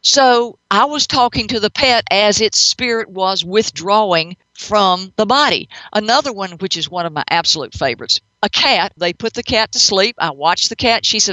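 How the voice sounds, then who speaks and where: A woman hosting a radio show as a pet psychic, telling stories in an animated, chatty, matter-of-fact way. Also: mid-range voice, moderate pace, no echo, muffled recording. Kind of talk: radio storytelling.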